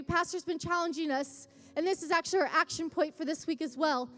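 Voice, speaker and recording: A woman's voice: extremely high pitch, brisk, few pauses, bright, forceful tone, big-room sound, soft background music. A young woman speaking at a church service, telling a chatty, self-mocking parenting story that builds into fervent encouragement. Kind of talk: sermon with personal story.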